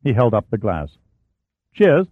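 A man reading an audiobook chapter in a steady, measured narration. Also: medium pitch, dry recording. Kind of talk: scripted narration. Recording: dry, tinny phone-like sound.

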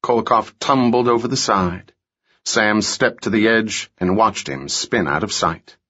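A man narrating a thriller audiobook in a measured, unhurried reading. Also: lowish voice, pushed and bright, breathy edge, highs cut off. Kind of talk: scripted narration.

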